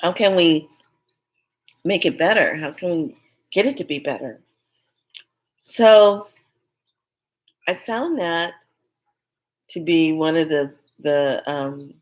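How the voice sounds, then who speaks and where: A woman telling a personal story in a candid, rambling, emphatic way. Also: deep voice. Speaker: spiritual vlogger.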